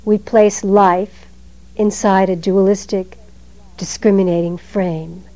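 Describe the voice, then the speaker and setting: A woman delivers a Zen dharma talk at an unhurried pace. Her tone is mellow and her phrasing is measured and emphatic, with line endings that fade away quietly. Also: medium pitch, fairly even intonation, poor audio.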